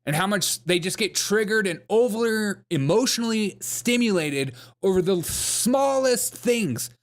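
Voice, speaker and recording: A man's voice: high-pitched, lively intonation, measured pace. A man hosting a comedic commentary show, reacting sarcastically to clips and laughing often.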